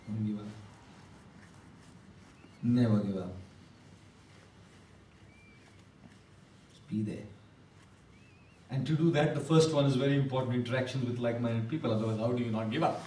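A man's voice: a little high, darkish tone, a little hiss or hum. A man giving an emphatic motivational talk to a live audience, repeating key words and asking the crowd questions. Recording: echoey hall, voice from a distance.

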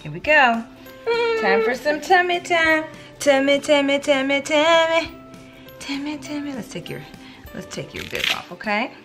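Excited high-pitched young mom. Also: female voice, measured pace, over music. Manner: excited, gushing, baby talk. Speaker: vlogger, mother of twins. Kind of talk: casual vlog talking to camera and babies.

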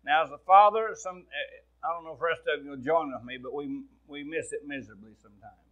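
A man's voice: a little high, fast talker, phone-quality sound. A man with a Midwestern American accent preaching a sermon, speaking in a folksy, plain-spoken way and talking directly to his congregation. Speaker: pastor.

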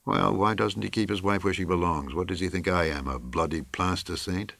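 Reader doing a throaty safari hunter, short clipped lines, dry close sound. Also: male voice, low-pitched, brisk, creaky, a bit bright, no echo, exaggerated voice. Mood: scornful. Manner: clipped, curt. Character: gruff, hard-bitten British safari hunter. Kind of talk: audiobook character reading.

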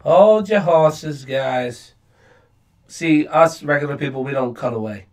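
A man's voice: a little high, a little slow, recorded from a distance. A man hosting a casual reaction video, talking bluntly and profanely with frequent fillers.

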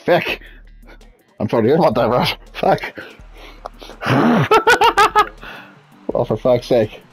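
A woman gamer talking with friends during an online match, loud and profane, yelling warnings and often breaking into laughter. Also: a bass voice, sing-song, slow, slightly rough, faint music behind, low-quality recording. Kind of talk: casual game commentary.

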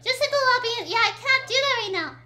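A woman's voice: very high voice, lively intonation, fast talker, bright, forceful tone. A young woman giving bubbly, gushing let's-play commentary while she plays a video game. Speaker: gaming video creator.

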